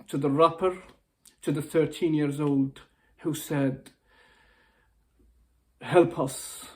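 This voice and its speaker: Upset and on the verge of tears, a man who works as a motivational speaker delivers an emotional video message in a medium-pitched, darkish voice with vocal fry. He begs, says things over again and keeps starting his phrases anew.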